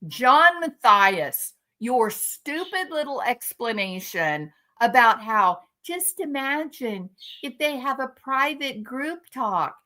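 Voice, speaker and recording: Female stream guest, slow, bright and sharp tone, heated scornful rant. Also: sits high, lively intonation. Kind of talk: live-stream commentary.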